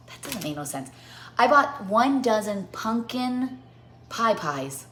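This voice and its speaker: A woman's voice: a little high, big pitch swings, takes it slowly, bright, forceful tone, a little hiss or hum. A woman in her forties hosting a casual baking livestream from her home kitchen, playful and tripping over tongue twisters as she chats. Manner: playful, stumbling through tongue twisters and jingles.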